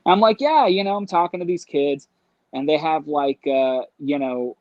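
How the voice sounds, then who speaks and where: A man telling a story in casual conversation, animated, acting out voices and laughing as he goes. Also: high-pitched, moderate pace, no echo, highs cut off. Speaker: guest.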